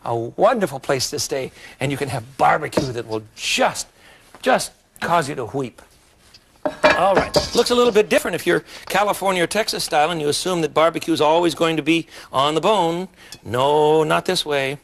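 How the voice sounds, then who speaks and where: A man hosting a cooking demonstration in a studio kitchen, talking in a folksy, chatty way with jokes and asides, and getting excitable when enthused. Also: a little high, moderate pace, vocal fry, noisy background. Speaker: cooking show host.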